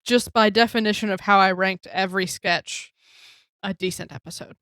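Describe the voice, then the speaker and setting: A woman's voice: medium pitch, moderate pace, no room sound, clean studio sound. A woman co-hosting a podcast, chatting casually about a comedy show and leading the segments. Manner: relaxed, laughs easily, leads the segments. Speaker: podcast co-host.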